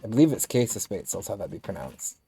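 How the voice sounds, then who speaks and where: A man's voice: lowish voice, big pitch swings, very fast, dark tone, slight background noise. A man with a lisp, a game streamer from the United States, chatting casually with his viewers and thinking aloud with restarts as he plays. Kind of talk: casual chat with stream viewers while gaming.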